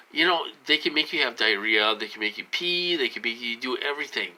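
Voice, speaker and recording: A man delivers a rambling personal monologue, circling back and repeating himself with many fillers and restarts. His tone stays insistent and aggrieved, and his voice has a very bright, sharp edge at an ordinary male pitch. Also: a little fast, rough recording. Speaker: vlogger.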